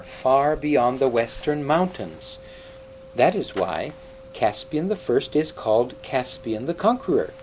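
A man's voice: mid-range voice, a little mellow, a little hiss or hum, rough recording. A man doing a grave, wise old tutor. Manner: grave, measured, slow.

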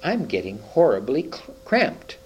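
A man reading aloud, voicing a sensible, practical older girl in a brisk, lightly raised voice. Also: mid-range voice, huge pitch swings, a little hiss or hum, rough recording. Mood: worried.

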